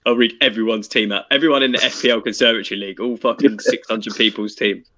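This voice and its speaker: A man's voice: medium pitch, fairly even intonation, fast, fairly bright tone. A young man hosting a casual podcast, bantering, laughing and swearing freely. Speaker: podcast host. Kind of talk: casual chat.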